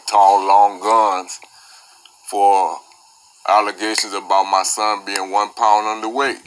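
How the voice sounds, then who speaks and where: A young man recounts a frightening confrontation at his home in an emotional first-person telling. His voice is bright and forceful, and he circles back and repeats phrases as he talks. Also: low voice, a little hiss or hum, low-quality recording. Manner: intense, repeats phrases, grows quiet and subdued later. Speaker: father recounting a police standoff.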